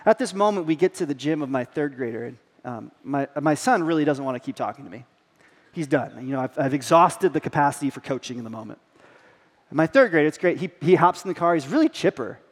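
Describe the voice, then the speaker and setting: A man's voice: sits high, in a large hall. A man in his thirties preaching a sermon as a pastor, telling a family story with playful acted-out quotes before he turns to the teaching.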